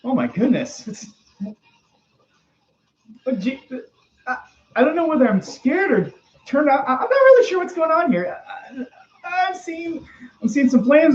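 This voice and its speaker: A man plays a high-pitched, nervous teenage boy who stammers and keeps muttering little worried exclamations. He hosts a live-stream character chat. The sound is dull and lo-fi, and it echoes off the room. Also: warm tone, heavily acted. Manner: stammering, repeating "oh geez" and "oh boy". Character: nervous stammering fifteen-year-old boy Morty. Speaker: livestream host.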